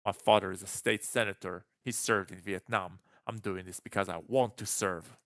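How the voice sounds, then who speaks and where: A man doing a deep, calm young soldier. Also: normal speed, no room sound, clean studio sound. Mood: curt.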